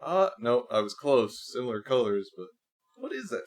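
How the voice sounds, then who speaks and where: A man's voice: mid-range voice, very animated, normal speed. A man streaming live, chatting casually, musing aloud and laughing often as he goes.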